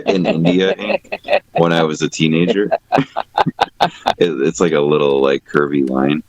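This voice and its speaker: Very deep-voiced bashful band member. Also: sing-song, a little slow, a little mellow, muffled recording, a little hiss or hum. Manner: hesitant, laughs at self. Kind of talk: casual chat.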